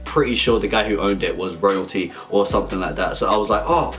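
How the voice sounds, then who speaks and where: A young man telling an absurd comic story in a rambling, stumbling, deadpan way. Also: low-pitched, fast talker. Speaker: vlogger. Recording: faint background music.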